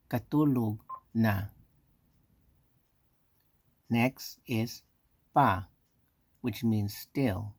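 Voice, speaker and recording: A man teaching a language lesson, reading out each example phrase and repeating it slowly and deliberately. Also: medium pitch, darkish tone, no room sound. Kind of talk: slow scripted language lesson.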